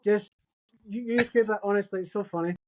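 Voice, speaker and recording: A woman's voice: medium pitch, fairly quick. A woman co-hosting a casual movie podcast chat, telling funny stories and acting out the quotes. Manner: animated storyteller, acts out quotes. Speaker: podcast co-host.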